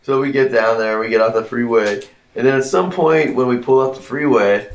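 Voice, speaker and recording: A man's voice: medium pitch, fairly quick, few pauses, echoey room. A man co-hosting a podcast, telling a long casual anecdote with lots of "uh" and "like". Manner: rambling anecdotes with many fillers. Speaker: podcast co-host. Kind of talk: casual chat, storytelling.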